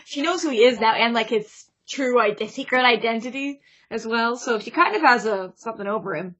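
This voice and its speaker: A woman's voice: on the high side, a little fast, sharp tone, dull audio. A woman co-hosting a podcast in casual chat, retelling a manga chapter and reading its lines aloud. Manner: reads character dialogue aloud in a light, chatty way. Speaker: podcast co-host.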